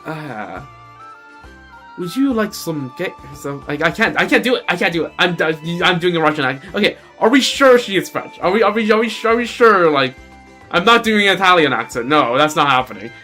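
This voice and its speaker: A man chats casually over a game, with a voice that is bright and pitched a little high. He rambles, jokes at his own expense and restarts sentences often. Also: animated, fast, soft background music. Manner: rambling, self-deprecating, full of restarts. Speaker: game streamer. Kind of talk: casual let's-play commentary.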